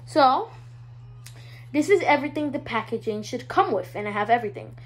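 A woman's voice: sits high, animated, brisk, low-quality recording. A female vlogger showing her toy collection in a hyper, giggly, rambling way. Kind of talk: casual show-and-tell vlog.

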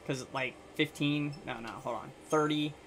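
A man's voice: on the high side, fairly even intonation, normal speed, vocal fry, a bit bright, slight background noise. A man hosting a gaming channel, giving casual let's-play commentary and thinking aloud to himself in a muttering way. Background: faint game music.

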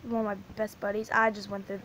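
A woman's voice: medium pitch, flat delivery, fast talker, a bit bright, slight background noise, rough recording. A female gaming channel host giving casual, rambling gaming commentary, giggling and restarting her sentences often.

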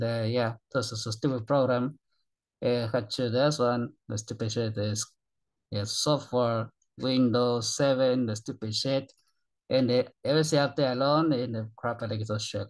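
An excitable man from Argentina rambles through a casual reaction commentary in broken English. His voice sits at an everyday middle pitch, and his talk is peppered with swearing. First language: Spanish. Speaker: YouTube reaction channel host.

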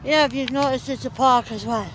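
An English woman vlogs casually on a handheld phone camera while walking in a park with her sister. Her high-pitched voice stays fairly even and moves fairly quickly as she chats, teases, and laughs often, with slight background noise outdoors.

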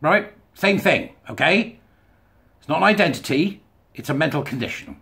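A man's voice: on the high side, very animated, normal speed, gravelly, fairly bright tone. Blunt, sarcastic man commenting. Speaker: host of a commentary channel. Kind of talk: reading and commenting on a news article.

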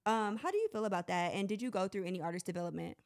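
A woman's voice: medium pitch, expressive, rapid-fire. A woman podcast host with a mid-range voice. She asks questions in a chatty, casual way and uses a lot of slang. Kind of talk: casual interview chat.

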